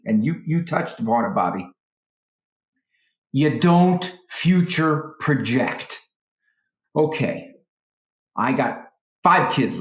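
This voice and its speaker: A man, a psychologist guest, gives animated parenting advice and often acts out parents and children in quick voices. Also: medium pitch, echoey room.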